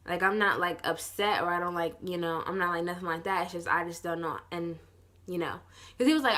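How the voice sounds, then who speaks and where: Bright-voiced young woman telling a story. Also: fairly quick. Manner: rambling, heavy use of "like", swearing; acts out quoted people in lower, softer voices. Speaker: vlogger. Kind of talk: casual storytime.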